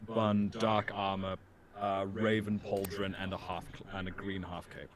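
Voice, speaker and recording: Casting: slow, low male player, chatter in the background. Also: flat delivery.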